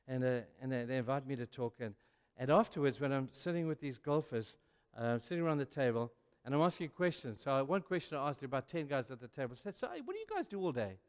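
A man's voice: mid-range voice, fast, hardly any pauses, clear, resonant tone. Older male preacher in a reverberant hall. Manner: animated, acts out dialogue in a rising voice. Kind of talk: sermon storytelling.

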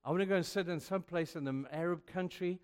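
Older guy preaching, bit high voice, big echoey hall, acts out conversations. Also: quick pace, clear, resonant tone. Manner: animated, acts out dialogue in a rising voice. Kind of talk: sermon storytelling. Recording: long hall reverb.

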